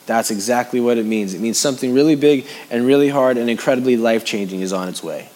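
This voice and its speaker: A man delivers a sermon as casual, personal talk to a congregation. He keeps circling back to the same phrases, lifting his voice to press a point and then sinking to a quiet, grave register. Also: medium pitch, fast talker, hardly any pauses. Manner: conversational preaching with sudden rises and hushed drops; repeats phrases for emphasis. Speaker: pastor.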